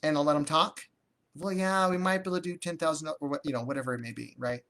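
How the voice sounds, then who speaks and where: A man's voice: a little high, fast, a bit bright. A man coaching on real estate deals during a livestream, talking energetically and conversationally, often restarting his sentences. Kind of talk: live-streamed teaching with viewer comments.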